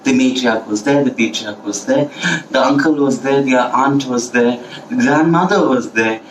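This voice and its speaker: A man's voice: medium pitch, moderate pace, slight background noise. Guy telling a kids folk tale, playful, sound effects, echoey room, a bit far off the mic. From India. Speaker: storyteller. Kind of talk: live children's storytelling.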